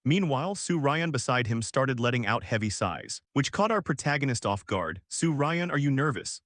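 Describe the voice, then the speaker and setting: Lively man narrating a story recap. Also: medium pitch, moderate pace, no echo, clean studio sound.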